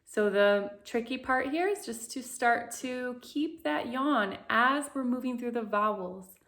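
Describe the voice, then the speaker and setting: With a fairly high pitch and fairly bright tone, a female voice coach leads guided vocal exercises. She speaks her instructions slowly and soothingly and sings vowel sounds to show how they're done.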